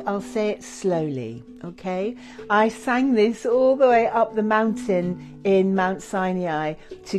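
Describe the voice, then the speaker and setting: A woman leading a guided meditation with chanting, gentle and effusive, with many fillers. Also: medium pitch.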